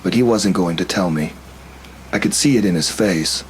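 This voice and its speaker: A man tells a first-person horror story in a steady, tense way. His voice sits fairly low, and a faint hum lies under the recording. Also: moderate pace, rough recording. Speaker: narrator.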